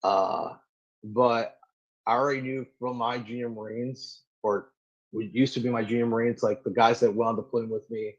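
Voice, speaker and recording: Marine guest, man in his 30s, mid-pitched, lively storyteller, full of "like"s, slightly muffled lo-fi sound. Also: moderate pace. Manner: animated, filler-heavy storytelling with many "like"s. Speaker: Marine gunnery sergeant guest. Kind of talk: casual storytelling in an interview. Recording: slightly dull lo-fi audio.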